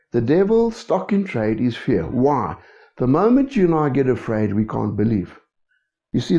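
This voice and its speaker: A man's voice: medium pitch, gravelly, dark tone. A man preaching a sermon, who keeps checking in with his congregation. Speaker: pastor. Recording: dull lo-fi recording.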